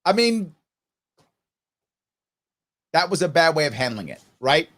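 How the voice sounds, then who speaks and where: A man's voice: a little high, very animated, unhurried, a bit bright. A middle-aged man hosting a live opinion show, giving emphatic commentary and talking back to clips he plays. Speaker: show host.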